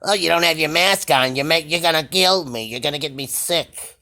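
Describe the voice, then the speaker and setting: A panicky, whiny mask-wearer frets and complains as a man mocks them, the voice pushed well above his natural low register. The tone is shrill, nagging and fearful. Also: moderate pace, bright, forceful tone. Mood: whining.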